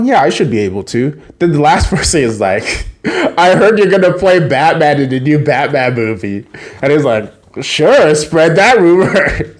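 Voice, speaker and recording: A man's voice: medium pitch, a little mellow. A man casually retelling a TV episode, chatty, laughing often and acting out the characters' lines. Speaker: TV episode recapper.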